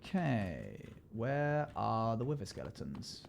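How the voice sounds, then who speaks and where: Male live streamer, casual and joking, mid pitch, loud comic outbursts. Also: moderate pace, highs cut off, slight background noise. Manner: jokey, chatty, bursts into loud playful yells. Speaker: game streamer. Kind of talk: casual live-stream chat while gaming.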